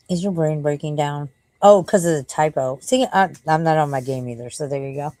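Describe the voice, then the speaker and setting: A woman's voice: low-pitched, a little fast, dark tone, poor audio. A tired woman live streaming in casual, rambling chat, swearing freely and breaking off to scold and baby-talk her dog.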